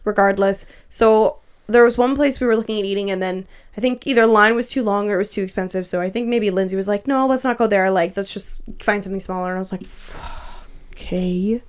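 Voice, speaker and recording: A young woman tells a story in casual chat, swearing freely and breaking into laughter. Her voice sits in the middle of the pitch range, and her telling is loose and animated. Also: quick pace, clean tone.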